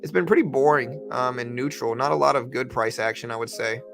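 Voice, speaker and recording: A man's voice: mid-range voice, a little fast, creaky, over music. A man giving rambling, casual live-stream commentary on trading, talking to his viewers with lots of fillers. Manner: rambling, conversational, full of fillers.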